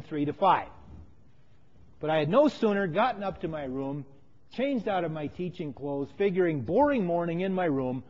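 A man with a fairly high voice preaches a sermon, mixing a personal story with scripture. He leans into key lines and then falls quiet. The recording is muffled, with a long reverb trailing off the walls. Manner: storytelling, emphatic, drops to quiet phrases. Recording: dull sound with long hall reverb.

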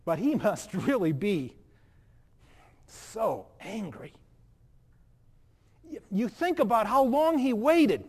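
A male pastor with a fairly high voice delivers an earnest sermon, rising to loud emphasis and then dropping to a hush. His words ring out with the long reverb of a big church hall. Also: lively intonation, measured pace. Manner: earnest, swings between loud emphasis and hushed soft passages.

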